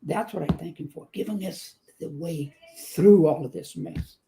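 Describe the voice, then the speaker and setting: Gravelly man in his seventies. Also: fairly high pitch, warm tone, a little hiss or hum. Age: 70s. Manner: earnest, slow emphatic phrasing. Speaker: guest. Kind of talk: faith testimony and joke telling.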